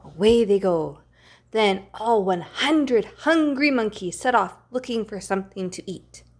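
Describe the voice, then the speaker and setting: Female picture-book reader, unhurried and animated, playful with whispered asides. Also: mid-range voice. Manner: expressive, playful, gasps and hushes for effect. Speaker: storybook reader. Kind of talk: reading a picture book aloud.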